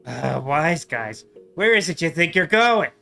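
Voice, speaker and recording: A man voicing a rude, grumpy male motel manager from a pixel-art adventure game, with gruff, slangy, sarcastic talk. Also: on the high side, big pitch swings, a little slow, pushed and bright, soft background music, exaggerated voice. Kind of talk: let's play voicing of game text.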